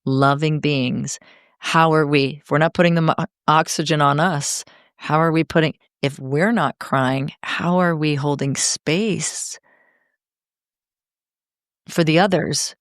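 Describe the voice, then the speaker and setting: A middle-aged woman talking as a podcast guest in a heartfelt, expressive, emphatic way. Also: low voice, slow pace, no echo, studio quality. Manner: expressive, emphatic, speeds up when enthused. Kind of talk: heartfelt conversation.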